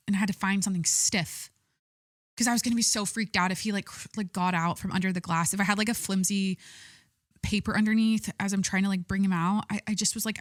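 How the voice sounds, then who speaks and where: A woman's voice: medium pitch, dry recording, clean studio sound. A young adult woman hosting a podcast, talking casually and rambling with lots of filler words. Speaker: podcast host. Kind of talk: casual chat.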